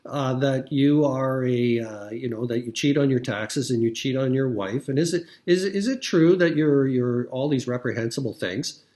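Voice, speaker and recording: A man's voice: medium pitch, normal speed, hardly any pauses, mellow, close to an everyday voice. A man putting on a smug male TV host who feigns innocence, in a mocking, singsong voice. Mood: mock innocent.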